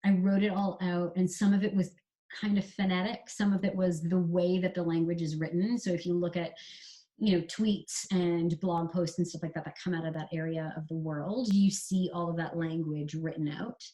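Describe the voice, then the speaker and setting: A Canadian woman who writes screenplays, chatting through writing advice in a relaxed interview and spelling out examples. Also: on the low side, moderate pace. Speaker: screenwriter guest. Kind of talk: casual explanatory interview talk.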